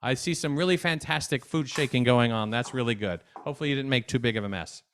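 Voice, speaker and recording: A man's voice: medium pitch, fast talker, fairly bright tone, a little hiss or hum. A man teaching an at-home music lesson for children from his desk, upbeat and chatty, talking straight to young viewers.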